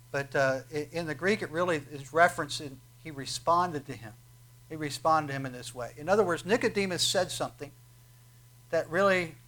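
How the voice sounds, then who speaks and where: A man's voice: fairly high pitch, fairly bright tone. A man preaching a sermon, explaining scripture with frequent "uh" fillers and emphatic, rising quotes. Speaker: pastor.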